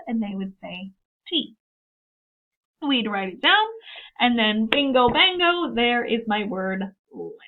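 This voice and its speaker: A woman's voice: a little high, lively intonation, slow, long pauses. A woman teacher giving an upbeat, step-by-step video lesson, acting out her student dialogues as she goes. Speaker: teacher trainer. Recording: narrow phone-like sound.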